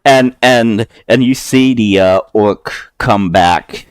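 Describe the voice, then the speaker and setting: Slow, deep-voiced game master. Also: male voice, clean tone, no echo, clean studio sound. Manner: slow, halting narration with many fillers. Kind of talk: narrating a tabletop game.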